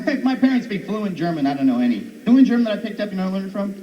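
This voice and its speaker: A man doing a stand-up comedy set on stage, animated and jumping into high silly voices for his bits. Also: very fast. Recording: dull old recording from far off, noisy.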